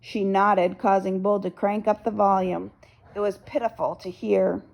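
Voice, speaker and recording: A woman reading a novel aloud as first-person narrator, in a steady storytelling manner. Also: mid-range voice, measured pace, creaky, low-quality recording. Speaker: audiobook narrator.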